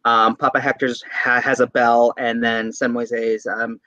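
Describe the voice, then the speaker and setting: A man's voice: medium pitch, a little slow, no echo, muffled recording. A young man from San Diego, a tarot reader guest, telling a story in a casual interview and acting out voices. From San Diego, California. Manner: animated storyteller, acts out voices, laughs often.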